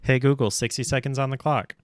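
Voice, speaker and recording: A man's voice: mid-range voice, little pitch movement, quick pace, dry recording, clean studio sound. A man streaming casually while he stitches, rambling along with self-deprecating asides. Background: faint lo-fi music.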